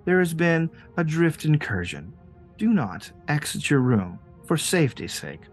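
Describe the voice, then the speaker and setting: A man voicing an automated ship announcement, calm and measured. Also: a little high, faint music behind. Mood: calm warning.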